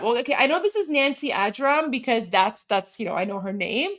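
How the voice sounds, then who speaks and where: A woman's voice: fairly high pitch, expressive, fairly quick, hardly any pauses, a bit bright. A woman co-hosting a livestream in a casual, chatty way, full of "like" fillers and enthusiastic exclamations. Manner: chatty, heavy use of "like" fillers. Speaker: livestream co-host.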